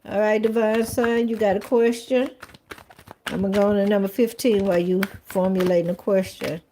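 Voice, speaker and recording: A woman's voice: mid-range voice, steady tone, normal speed, mellow, a little hiss or hum. A woman giving a live-stream tarot reading in a casual, blunt way, swearing freely and saying "all right" and "okay" over and over. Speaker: tarot reader.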